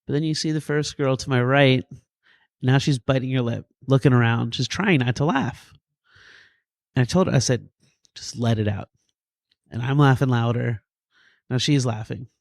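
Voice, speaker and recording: A man in his thirties, a paramedic and emergency physician, telling a story in a podcast interview with goofy, animated energy and acted-out quotes. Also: mid-range voice, moderate pace, creaky, no room sound, studio quality. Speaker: paramedic and EMS physician guest.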